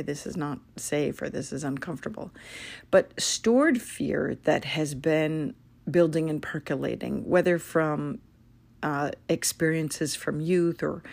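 A woman hosting a casual spoken podcast as an energy healer, chatty and animated, laughing often. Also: low voice, vocal fry.

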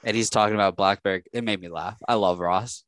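A man's voice: lowish voice, a little fast, clean tone, no echo. A man co-hosting a sports podcast, telling stories with energy and laughing often. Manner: animated storyteller, laughs often. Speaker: sports reporter co-host. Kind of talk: casual sports chat.

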